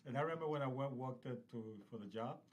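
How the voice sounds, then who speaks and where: A man's voice: mid-range voice, fast talker. Rambling storytelling man in his fifties. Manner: rambling anecdotal storyteller with many fillers. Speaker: podcast guest, stone restoration business owner. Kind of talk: casual podcast conversation.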